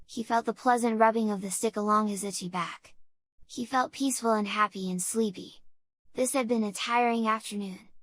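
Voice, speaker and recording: A woman reads a children's audiobook in a measured, unhurried storytelling voice. Her pitch sits a little high, and the recording is dry and close, with no echo. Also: steady tone. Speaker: audiobook narrator.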